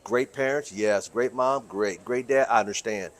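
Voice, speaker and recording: A man giving an energetic talk as a motivational speaker, telling stories and repeating key phrases for emphasis. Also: mid-range voice, normal speed. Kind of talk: energetic storytelling interview.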